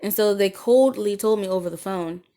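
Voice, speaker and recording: A woman's voice: mid-range voice, moderate pace, mellow. A woman podcaster delivering a casual solo monologue, an indignant, rambling rant full of ums and swearing.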